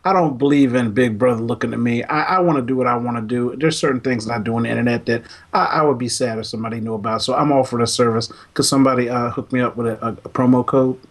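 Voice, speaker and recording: A man with a mid-pitched voice talks quickly and jokes in an eager, mock-earnest way. He is a co-host on a comedy podcast. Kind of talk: comedic banter.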